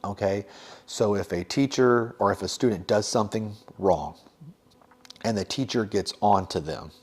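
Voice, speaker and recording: Casual, lowish-voiced man giving advice. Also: darkish tone, breathy edge. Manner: conversational, many fillers and asides. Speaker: teacher and podcast host.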